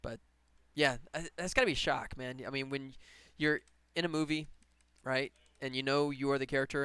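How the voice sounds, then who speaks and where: Chatty man with a smooth, clear voice. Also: medium pitch, fairly bright tone, no room sound. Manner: rambling, chatty, quick to laugh. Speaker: game developer streaming live. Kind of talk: casual livestream chat while working.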